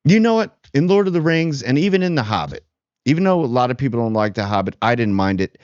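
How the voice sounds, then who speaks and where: A man's voice: medium pitch, big pitch swings, quick pace, darkish tone, dry recording, highs cut off. A man hosting a casual TV spoiler review, rambling and sarcastic. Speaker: TV review channel host.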